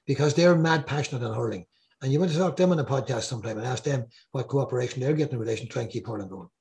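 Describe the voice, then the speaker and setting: An older Irish man telling rambling, animated stories as a guest on a casual podcast. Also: medium pitch, very fast, vocal fry. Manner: rambling, animated anecdotes with repeated words.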